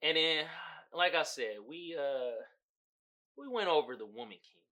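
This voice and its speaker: A man hosting a podcast in a casual, comedic commentary style. He swears freely, laughs often, and swings from low mumbling to loud outbursts. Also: animated, a little slow. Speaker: podcast host.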